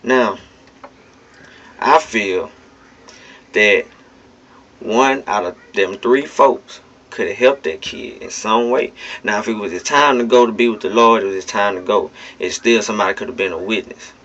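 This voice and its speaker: This vlogger's voice is on the low side and fairly bright, delivered at a normal speed. He offers blunt, emphatic, casual commentary with some swearing straight to his listeners, recorded on a phone in dull lo-fi.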